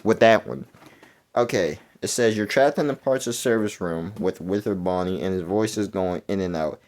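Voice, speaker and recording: A young man talking through a video game quiz in casual, rambling commentary, mumbling and then jumping into excited outbursts. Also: low-pitched, normal speed. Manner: rambling, self-correcting, swings between mumbling and excited outbursts. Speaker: gaming YouTuber.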